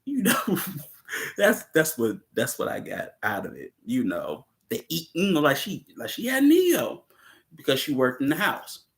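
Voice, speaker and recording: A man's voice: medium pitch, huge pitch swings, moderate pace. A man hosting a casual livestream about a film, laid-back, laughing often and chatting with viewers. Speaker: host discussing a film.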